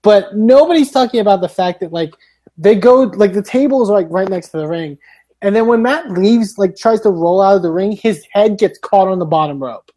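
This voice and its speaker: A man's voice: high-pitched, lively intonation, normal speed, dark tone. A man co-hosting a podcast, recapping with sarcastic, profane remarks in casual chat. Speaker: podcast co-host.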